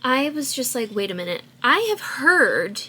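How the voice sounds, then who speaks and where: A woman's voice: on the high side, sing-song, moderate pace, bright, forceful tone. Bubbly chatty woman vlogger, faint room hiss. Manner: bubbly, swears when annoyed, laughs often. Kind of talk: casual chat. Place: home room at a desk.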